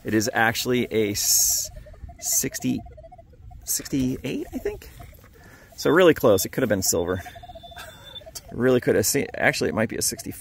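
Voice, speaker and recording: An upbeat man narrates casually as he works a dig site outdoors. He cheers his friends on at a middle pitch, and his talk is loose and unscripted. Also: wildly swooping pitch, moderate pace, gravelly, long pauses, slight background noise. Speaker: metal detecting vlog host.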